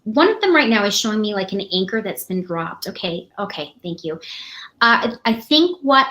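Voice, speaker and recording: A woman giving a live psychic reading, talking in a halting, emotional way with many pauses and restarts. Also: mid-range voice, big pitch swings, sharp tone. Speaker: psychic reader.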